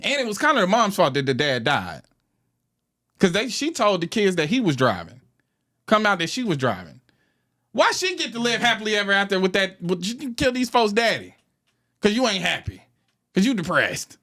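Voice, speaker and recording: A man with a fairly high voice that swings widely up and down. He talks in a loose, profane, animated way, laughing often as he rants on a podcast. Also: moderate pace. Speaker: podcast co-host. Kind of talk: casual comedic chat.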